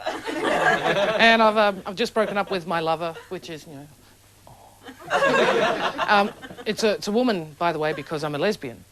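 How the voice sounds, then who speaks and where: Aussie woman doing standup, dry deadpan delivery, old tv recording with loud hiss. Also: on the low side, moderate pace, long pauses. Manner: dry, deadpan storytelling with a live audience laughing along. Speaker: comedian. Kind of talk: stand-up storytelling. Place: stage before a live audience.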